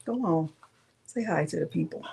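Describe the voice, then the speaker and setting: A woman's voice: on the low side, lively intonation, moderate pace, vocal fry, a little mellow, slightly rough. A woman hosting a live crafting tutorial, chatting casually and teasing with frequent laughter. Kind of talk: casual live-stream chat.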